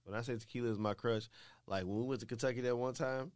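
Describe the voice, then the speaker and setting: A young man co-hosting a podcast, joking around in lively banter and retelling his own drinking stories. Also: medium pitch, fast talker, dry recording, clean studio sound. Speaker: podcast co-host. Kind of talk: casual banter.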